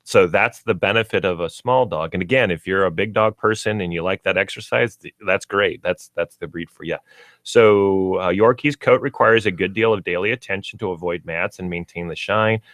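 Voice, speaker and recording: Chatty low-voiced Midwestern man. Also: normal speed, a bit bright, no echo. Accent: Midwestern American. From Minnesota, US Midwest. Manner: chatty, explanatory. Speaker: pet store owner, radio show guest. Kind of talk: casual radio chat.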